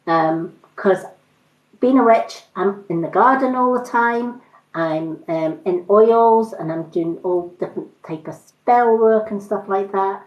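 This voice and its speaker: On a live stream, a woman selling makeup and skincare chats casually, wandering through stories with lots of fillers. Her voice is mid-range and she takes her time. The sound is roomy and slightly dull.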